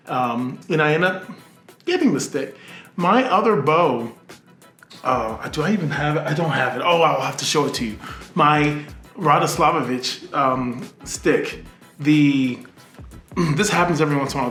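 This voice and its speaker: Bass player guy rambling at home, kinda high voice, echoey room. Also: fairly bright tone. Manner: chatty, rambling, self-mocking. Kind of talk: casual talk to camera. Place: apartment at night.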